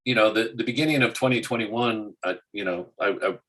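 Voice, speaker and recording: A man's voice: lowish voice, fairly quick, background noise. A man co-hosting a casual market show, rambling with many restarts and fillers. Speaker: co-host.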